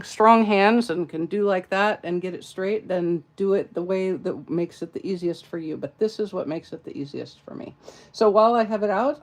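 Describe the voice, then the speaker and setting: A middle-aged woman from California with a Southern accent, demonstrating card crafts in a playful, chatty, self-deprecating way at her crafting table. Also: on the low side. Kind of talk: live craft tutorial.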